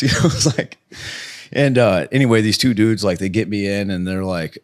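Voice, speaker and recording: A man's voice: on the low side, brisk. A young man telling a wild story on a podcast, swearing freely and acting out the voices of people in it. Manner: animated, swearing, acts out voices. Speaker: guest fighter.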